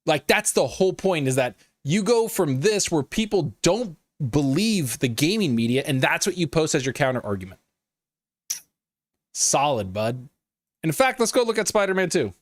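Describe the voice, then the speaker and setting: A fairly high-voiced man hosting a gaming news live stream, swearing freely as he riffs on the day's stories. His pitch swings widely and he talks to his chat like friends. The sound is dry and close to the mic. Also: a little fast, few pauses, no room sound. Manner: profane, animated, riffs and laughs at chat. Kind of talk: casual live-stream commentary.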